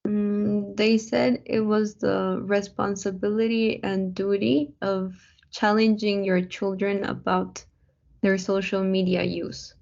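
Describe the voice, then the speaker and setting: Slow, hesitant female student. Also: medium pitch, little pitch movement, vocal fry, darkish tone, dull audio. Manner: hesitant, searching for words. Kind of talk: answering in class.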